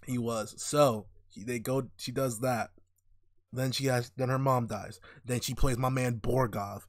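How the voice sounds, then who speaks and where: A man's voice: medium pitch, steady tone, unhurried, dry recording, clean studio sound. A man co-hosting a casual podcast, swearing a lot, joking and laughing as he recaps a show. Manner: crude, laughing, roasting. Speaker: podcast co-host. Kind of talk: casual chat.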